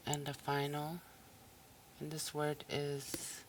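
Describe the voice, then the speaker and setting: Language teacher, unhurried, flat steady delivery, sounds out syllables, patient explaining tone. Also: medium pitch, noisy background. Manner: repeats each word slowly and sounds it out syllable by syllable. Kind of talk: recorded listening lesson.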